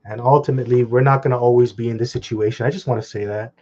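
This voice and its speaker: Man, street-style scripture teacher; blunt and profane, flares up loud then drops to a mutter; mid-pitched; dull lo-fi recording. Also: steady tone, fast. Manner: fiery, swinging from loud outbursts to low muttering.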